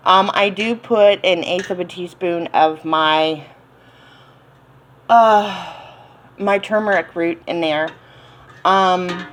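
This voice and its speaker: A woman's voice: mid-range voice, slight background noise, poor audio. A woman with a Southern accent chatting casually in her home kitchen, rambling with lots of ums and little laughs. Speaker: home cooking channel host.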